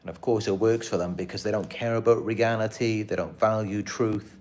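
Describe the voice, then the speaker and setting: Male channel host, low voice, earnest and aggrieved, loose rambling monologue to camera. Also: fairly even intonation, normal speed, darkish tone, slight background noise. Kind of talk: casual live-stream monologue.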